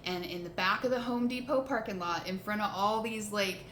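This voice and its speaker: A woman's voice: medium pitch, a little fast, fairly bright tone, slight background noise. A woman van-life vlogger casually telling a long story to camera, rambling with lots of "like" and "you know" and laughing between her frustrations. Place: motel room. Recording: roomy echo.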